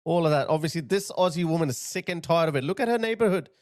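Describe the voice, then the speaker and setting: A man's voice: a little high, lively intonation, fast, a little mellow. Indignant man commenting over clips. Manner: indignant, repeats "look at this". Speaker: channel host.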